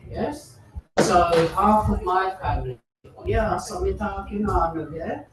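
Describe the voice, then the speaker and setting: Older British woman, echoey hall. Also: slow pace. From England. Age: 60s. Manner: tag questions, lively rises in pitch. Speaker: audience member. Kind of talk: animated audience comment. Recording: echoey room, far from the mic, audible noise.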